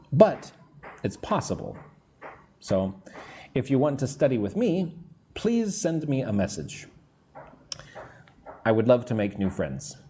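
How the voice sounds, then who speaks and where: A man teaching an English lesson on a live stream, reading out viewers' comments, answering them casually, and slowly drilling pronunciation. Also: mid-range voice, dark tone, slight background noise. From United States. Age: adult, not young.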